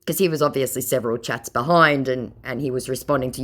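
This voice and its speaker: A woman's voice: very deep voice, fast talker, fairly bright tone. A woman narrating scam chat logs in a dry, sarcastic way. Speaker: scam baiter.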